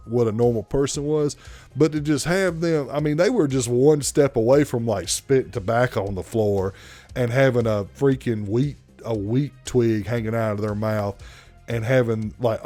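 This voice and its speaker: A man's voice: medium pitch, mellow. A man from South Carolina with a thick Southern accent giving a blunt, profane movie review. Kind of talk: casual movie review rant.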